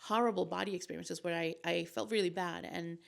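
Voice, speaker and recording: A woman's voice: fairly low pitch, fairly even intonation, brisk, creaky. A young woman vlogger telling a personal story in a casual, emotional, rambling way with lots of fillers.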